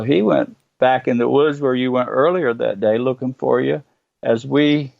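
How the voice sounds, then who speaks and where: A middle-aged man, telling his own story as a guest in earnest, halting bursts with many pauses. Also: medium pitch, creaky, a little mellow, no echo, dull audio. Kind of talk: personal storytelling interview.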